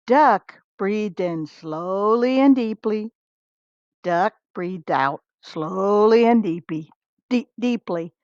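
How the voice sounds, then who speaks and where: A woman reading a picture book aloud to young listeners, expressive and stopping to talk with them about the pages. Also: mid-range voice, dry recording. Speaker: storybook reader. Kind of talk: children's read-aloud. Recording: dull lo-fi recording.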